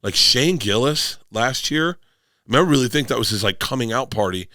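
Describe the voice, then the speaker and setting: A man's voice: mid-range voice, animated, fairly quick, bright, forceful tone, no room sound, clean studio sound. A man who is a touring stand-up comedian and podcast guest, telling rambling tour stories in casual chat, swearing freely and acting out other people's lines.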